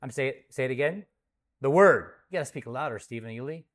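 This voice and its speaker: A man's voice: mid-range voice, fast talker, fairly bright tone. A man as pastor, reading scripture, praying, and then teaching a group in a conversational way, asking questions and repeating answers back to them. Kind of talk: Bible study teaching with prayer.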